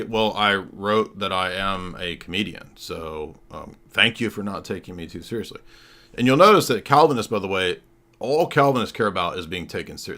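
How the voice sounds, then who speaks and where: A man's voice: on the low side, bright, forceful tone. A man hosting a livestream as a comedian, talking casually in a sarcastic, mocking way with rambling asides.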